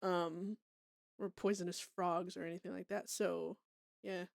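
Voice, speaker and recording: A woman's voice: fairly low pitch, flat delivery, measured pace, gravelly, no echo, studio quality. A young woman from Canada chatting casually with her stream viewers, laughing often and swearing freely.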